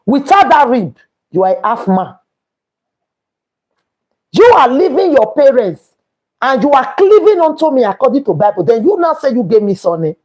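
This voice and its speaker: A woman's voice: sits high, sing-song, normal speed, pauses often, a little mellow. A woman with a Nigerian accent hosting a live stream, talking emphatically and quoting scripture as she repeats her points. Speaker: livestream host. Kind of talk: preachy live-stream talk.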